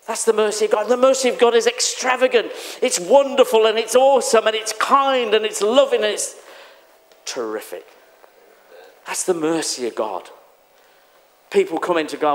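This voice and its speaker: Animated high-voiced preacher. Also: male voice, moderate pace. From England. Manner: animated and exclamatory, acting out quoted voices. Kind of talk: sermon. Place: church hall.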